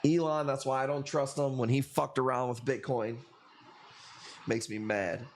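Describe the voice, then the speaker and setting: A man's voice: medium pitch, level tone, moderate pace, slight background noise. A man hosting a live coral auction stream, bantering loosely and profanely with viewers and calling out bids.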